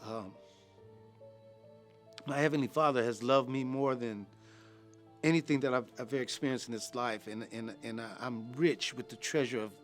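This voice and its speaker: This fifties-aged man from California tells his story as a ministry program graduate at a medium pitch, with faint music behind him. He talks in a heartfelt, laid-back manner, dropping slang and repeating words hesitantly.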